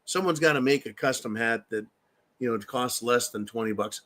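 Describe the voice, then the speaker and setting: A man's voice: mid-range voice, big pitch swings, moderate pace, pushed and bright. A man hosting a live stream, reading viewer comments aloud and ranting in a profane, mocking way. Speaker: host reading viewer chat.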